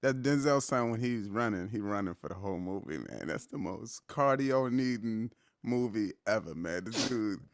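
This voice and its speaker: Lively teasing man, dry sound. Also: lowish voice, normal speed, hardly any pauses, no echo. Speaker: podcast guest. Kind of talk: casual comedic chat.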